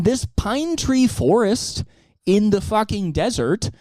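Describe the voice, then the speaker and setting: Animated, profane male stand-up comic. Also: high voice, takes it slowly, dry recording. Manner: animated, profane, acts out many voices. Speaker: stand-up comedian. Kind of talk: stand-up comedy monologue.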